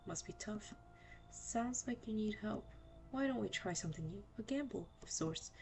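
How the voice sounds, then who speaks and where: A woman voicing an ominous stranger at the door in a horror game, measured and cryptic. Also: medium pitch, expressive, creaky, slight background noise. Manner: cryptic, measured, quietly menacing. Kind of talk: reading game dialogue aloud.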